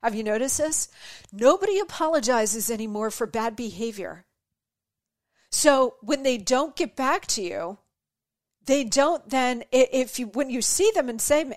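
A woman's voice: a little high, expressive, a little slow, dry recording, studio quality. A woman hosting her own podcast, ranting with exasperation and acting out mocking quoted voices. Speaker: podcast host. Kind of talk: opinion monologue.

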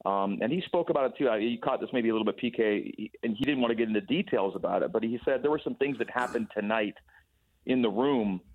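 A man's voice: medium pitch, fast. A man talking over a sports radio phone line, thoughtful and full of restarts and repeated words. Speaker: radio play-by-play guest. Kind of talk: sports radio call-in chat. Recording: tinny phone-line sound.

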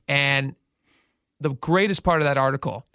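A man's voice: mid-range voice, normal speed, smooth, dry recording. Man telling a story on the radio, dry studio sound. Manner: animated storytelling, retells quotes in character. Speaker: radio host. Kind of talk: casual radio talk.

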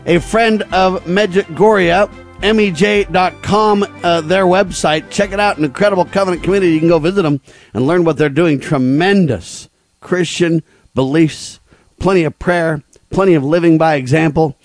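Emphatic higher-voiced radio host man. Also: faint music behind. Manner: emphatic, preachy, quick bursts of speech. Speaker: radio talk show host. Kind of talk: talk radio commentary.

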